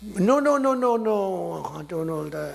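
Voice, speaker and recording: A man's voice: high voice, lively intonation, slow pace, creaky, pitched above the performer's own voice, full character voice. A man voicing a flustered male French president in a mock French accent, pleading with repeated refusals. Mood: protesting.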